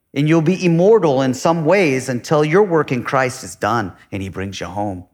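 In a large hall, a man of medium pitch preaches as a pastor. His sermon moves between booming emphasis and hushed asides, with rhetorical questions aimed at the congregation.

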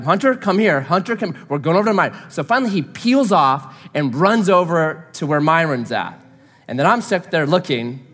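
A man's voice: sits high, fairly bright tone, husky, long reverb tail. A man in his thirties, a pastor, telling a self-deprecating family story in a sermon.

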